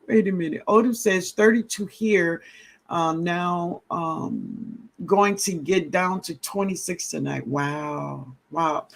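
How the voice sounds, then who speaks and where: A man hosting a casual gardening livestream, greeting viewers warmly and reading out their comments with a relaxed drawl. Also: high voice, slow, vocal fry. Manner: drawling, greets viewers as baby, laughs often. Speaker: livestream host. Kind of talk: casual live-stream chat reading comments.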